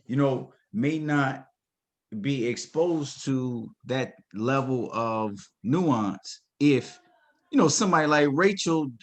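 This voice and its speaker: A man's voice: mid-range voice, animated, a little slow. A man on a discussion panel, talking casually and earnestly, building to emphatic points.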